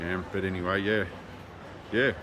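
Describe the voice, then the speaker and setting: A man's voice: deep voice, fairly even intonation, moderate pace. An Australian man vlogging while he walks and rides through city streets, talking bluntly and swearing, with lots of ums. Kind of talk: casual video diary. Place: city streets outdoors, walking and riding. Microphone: handheld phone. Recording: phone video with loud street noise.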